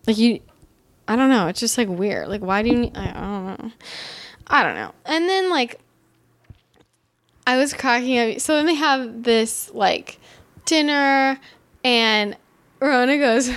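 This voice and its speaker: Woman ranting about reality tv, kinda high voice, says like a lot, swears, very done with everyone. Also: normal speed. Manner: animated, swearing, heavy use of "like"; exasperated, sarcastic commentary. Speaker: reality TV recap host. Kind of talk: casual chat.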